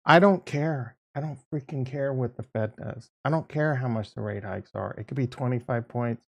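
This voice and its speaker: A man's voice: mid-range voice, moderate pace, gravelly. A man giving casual market commentary as a video host, blunt and profane, repeating his points and getting exasperated. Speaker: crypto and stock market YouTuber.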